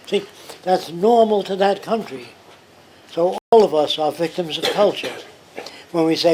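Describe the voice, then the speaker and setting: An older man with a somewhat high voice spins anecdotes in a relaxed conversation. He slips into the voices of the people he quotes. Faint pub chatter and room noise sit behind him. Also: moderate pace, rough recording. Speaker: interviewee. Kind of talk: casual storytelling conversation. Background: pub ambience.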